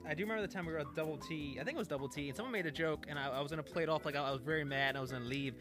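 A man's voice: a little high, rapid-fire, music in the background. A man guesting on a casual podcast, giggling and rambling through old stories with friends.

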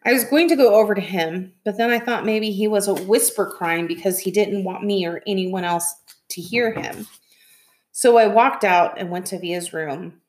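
A woman reading a novel aloud in soft, steady storytelling. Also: lowish voice. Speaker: reader.

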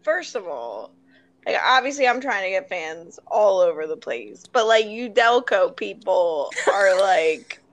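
A woman's voice: medium pitch, measured pace, low-quality recording. A woman from the Philadelphia area, co-hosting a podcast in casual, filler-heavy chat. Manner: lively, filler-heavy talk with lots of "like". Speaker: podcast co-host.

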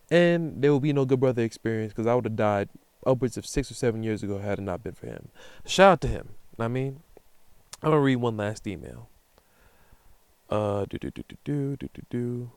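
A man, hosting a podcast and telling stories in a slangy, profane, animated way. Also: medium pitch, smooth, dry recording. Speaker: podcast host. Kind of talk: casual storytelling monologue.

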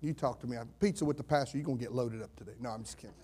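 A man preaching a sermon as pastor, fervent, swinging between fired-up shouts and hushed asides. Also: medium pitch, racing, breathy edge. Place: church sanctuary.

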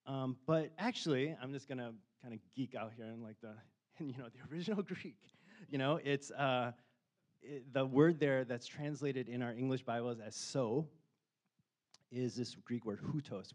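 A man's voice: mid-range voice, moderate pace, darkish tone. Casual, chatty man preaching. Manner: conversational, self-deprecating, rises to impassioned questions. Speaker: pastor. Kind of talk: casual sermon.

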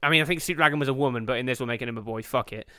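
A man's voice: medium pitch, rapid-fire, bright, forceful tone, a little hiss or hum. A man co-hosting a comedy podcast, riffing crudely and laughing as he swears freely through the banter. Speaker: podcast co-host.

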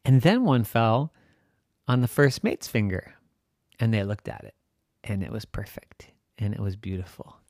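A man's voice: fairly low pitch, animated, unhurried, long pauses, darkish tone, dry recording. Man, bedtime storyteller, lilting and dry, close up.

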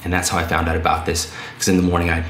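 A man's voice: deep voice, completely flat delivery, racing, a bit bright. A man hosting a podcast, reading news articles aloud and commenting on them in a conversational way. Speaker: podcast host. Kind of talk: casual commentary. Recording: echoey room, faint noise.

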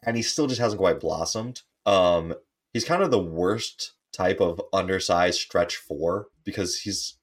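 A man's voice: sits low, unhurried. A man co-hosting a sports podcast, analyzing players in casual chat with a playful, teasing streak. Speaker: podcast co-host.

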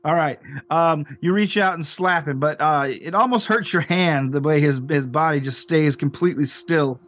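A man narrating as game master with many pauses and fillers. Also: on the high side, a bit bright.

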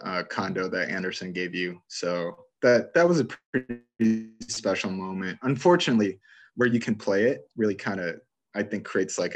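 A man chatting casually about a video game he loves, rambling through favorite scenes and laughing as he retells them. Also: low-pitched.

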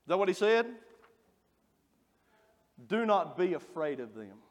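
A man preaching a sermon, folksy and joking as he tells animated stories. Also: sits high, measured pace. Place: church. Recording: long reverb of a church hall.

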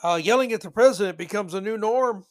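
A man's voice: high-pitched, fast, no room sound. A man hosting a solo commentary podcast, talking in a rambling way with sarcastic, mocking asides. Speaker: podcast host.

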